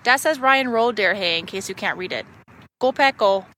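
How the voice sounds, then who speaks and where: A woman's voice: lively intonation, moderate pace, a bit bright, soft background music, natural voice. A woman putting on a bubbly, folksy Wisconsin accent, playing a cheerful motorcycle rider in a comic video. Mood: chirpy. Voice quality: high, bubbly, folksy exclamations.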